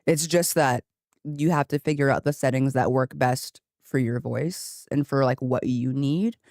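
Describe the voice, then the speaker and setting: A woman game streamer chatting casually and rambling on a desk microphone, laughing often, her voice jumping higher when she gets excited. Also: a little slow, no room sound, clean studio sound. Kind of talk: casual live-stream chat. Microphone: desk microphone with headphones.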